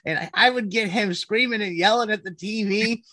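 A man with a notably high voice tells stories about an old friend, often breaking into laughter. The sound is dry and close, with no room echo. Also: moderate pace, sharp tone. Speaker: friend sharing memories. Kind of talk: casual conversation.

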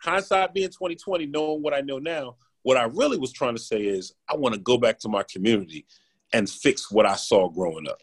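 A husky, animated man from Philadelphia, USA, tells stories as a guest in a casual podcast interview. He speaks a little fast at medium pitch, keeps asking "right?", and acts out quotes.

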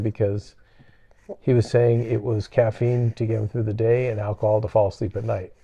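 A middle-aged man co-hosting a podcast, telling a personal story casually with halting restarts. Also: lowish voice, creaky, warm tone, husky. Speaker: podcast co-host. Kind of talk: casual chat.

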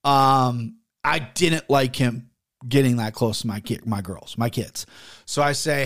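A man's voice: medium pitch, a little slow. A man in his thirties telling a heated story in a casual monologue, swearing often and talking from a home studio. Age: 30s. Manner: animated, profane, heated storytelling. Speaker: podcast host and sports betting handicapper.

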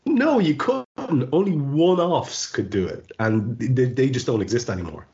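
A man's voice: medium pitch, lively intonation, unhurried, a little mellow, lo-fi sound. Emphatic male podcast host. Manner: passionate and emphatic when making a point, with many restarts. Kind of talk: casual podcast chat.

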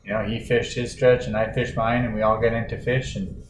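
A man co-hosting a casual chat, talking in a relaxed, rambling way with fillers. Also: mid-range voice, fairly quick. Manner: laid-back, rambling with fillers. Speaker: podcast co-host. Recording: roomy echo, faint noise.

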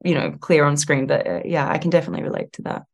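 An Australian woman with a low voice chats freely in an interview. She talks in quick, looping sentences, stacking fillers and restarts as she thinks aloud. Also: vocal fry. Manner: chatty, lots of likes and restarts, animated. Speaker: actress guest. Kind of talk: casual interview chat.

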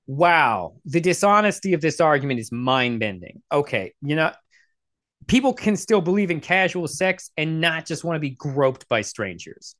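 A young man commenting on video clips with blunt, profane sarcasm. His pitch swings widely as he talks, and he stumbles through quick restarts. His tone stays mocking and exasperated. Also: big pitch swings, fairly bright tone. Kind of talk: casual reaction commentary.

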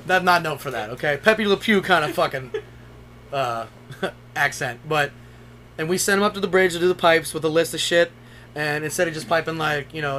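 A man's voice: a little high, normal speed, bright, forceful tone, slight background noise. A young man co-hosting a podcast, telling stories in a loose, profane way. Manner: loose, profane storytelling with laughs. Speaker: podcast co-host. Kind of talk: casual chat.

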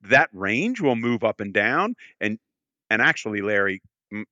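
An enthusiastic man in casual podcast conversation, talking cars with a bright, forceful tone. He often stumbles over and repeats his first words, then presses on. The recording is close and dry. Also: on the low side, sing-song, unhurried, no room sound, lo-fi sound. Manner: enthusiastic, repeats words when starting sentences. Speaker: car auction specialist, podcast guest.

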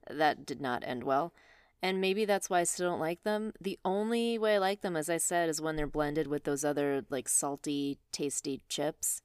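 A woman's voice: low voice, moderate pace, smooth, dry recording, studio quality. A woman co-hosting a podcast, chatting playfully, a bit out of breath and laughing easily. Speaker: astrology podcast co-host. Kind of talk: casual podcast chat. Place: room with open door during rainstorm.

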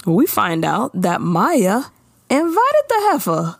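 A woman's voice: mid-range voice, slow, creaky. A woman co-hosting a podcast, recapping a TV episode in blunt, profane casual chat. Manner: blunt, profane, animated storytelling.

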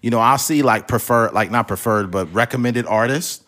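A man's voice: medium pitch, fairly quick. A man co-hosting a podcast in casual chat, cursing freely and mimicking voices for comic effect. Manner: animated, swears freely, mimics voices for jokes. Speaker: podcast co-host.

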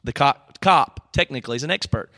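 A man's voice: mid-range voice, animated, brisk, bright, forceful tone. Rambling man telling a story. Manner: rambling, fillers, acts out quotes. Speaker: podcast co-host. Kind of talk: casual chat, storytelling.

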